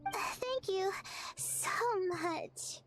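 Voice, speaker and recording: A voice actress playing a shy young woman student who talks in a hesitant, flustered, soft way. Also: very high voice, lively intonation, very slow, loud music behind the voice, full character voice.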